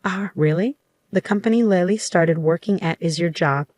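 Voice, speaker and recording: A woman's voice: lowish voice, moderate pace, a little mellow, no echo, natural voice. A woman voicing a friendly sister in a narrated story. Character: friendly older sister on the phone.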